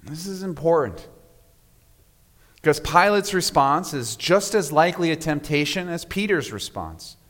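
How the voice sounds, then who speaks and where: A man preaching a sermon as pastor, measured and reflective, often letting his voice fall to a soft hush at the end of a phrase. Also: a little high, sing-song. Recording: long reverb of a large hall.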